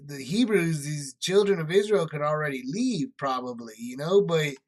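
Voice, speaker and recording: A man's voice: on the high side, lively intonation, normal speed, darkish tone. A man leading a casual Bible study, explaining scripture in everyday words with lots of fillers.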